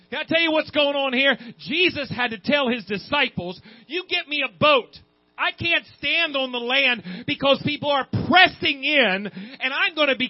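High-voiced fervent male preacher. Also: dry recording. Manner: fervent, repetitive, calls out "Amen". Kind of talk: sermon. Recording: dull, muffled sermon recording.

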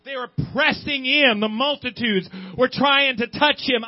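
A male preacher with a very high voice delivers a fervent, repetitive sermon a little slowly, with hardly any pauses, calling out "Amen" to the congregation. The dry recording sounds dull and muffled.

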